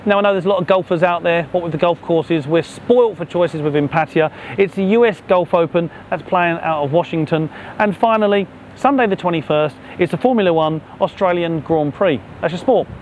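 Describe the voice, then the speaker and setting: A man's voice: high-pitched, darkish tone, slight background noise. A man co-hosting a local what's-on show, chatting casually and promoting local businesses. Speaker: co-host. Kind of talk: casual chat show banter.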